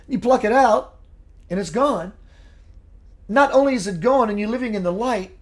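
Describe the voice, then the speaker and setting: A man hosts a live spiritual show, responding to viewer comments in a gentle, earnest, meditative manner. His pitch is extremely high.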